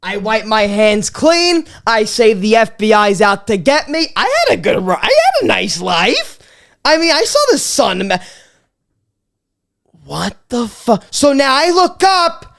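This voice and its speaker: Young woman comic host, voice on the high side, animated storytelling with lots of stammered restarts. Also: unhurried, creaky. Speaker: podcast host. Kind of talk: comedic storytelling monologue.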